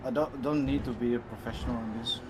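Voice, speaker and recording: A man on voice chat, a teammate who speaks softly and modestly. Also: mid-range voice, steady tone, fast. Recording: voice chat with loud background noise.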